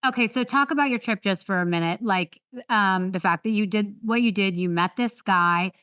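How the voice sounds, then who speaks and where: A woman's voice: medium pitch, moderate pace, a bit bright, clear, resonant tone, no room sound, studio quality. A woman hosting a podcast interview, asking long, conversational questions with fillers. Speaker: podcast host. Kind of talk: casual interview.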